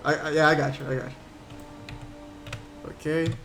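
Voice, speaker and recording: A man's voice: a little high, little pitch movement, slow, gravelly, a bit bright, faint music behind. A man livestreaming a game, chatting casually and rambling as he thinks aloud while reading chat. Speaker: game streamer.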